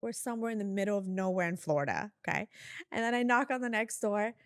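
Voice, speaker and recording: A woman guest telling stories in a casual interview, animated and often laughing as she acts out what people said. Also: medium pitch, quick pace, smooth, no echo, clean studio sound. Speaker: guest, reality TV producer.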